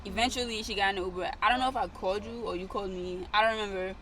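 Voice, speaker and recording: A woman's voice: mid-range voice, steady tone, racing, sharp tone. A young woman telling a story in casual chat, rambling and repeating herself with many fillers.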